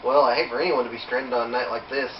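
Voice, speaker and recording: A man's voice: mid-range voice, fairly even intonation, fast, roomy sound, distant mic, dull audio, a little hiss or hum, close to an everyday voice. A man voicing a tired, polite American driver who talks plainly.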